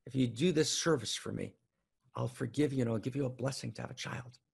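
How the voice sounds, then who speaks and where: A man voicing a heartbroken, forgiving woman in a soft, hushed way, with a gravelly husky voice. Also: mid-range voice, a little fast, exaggerated voice.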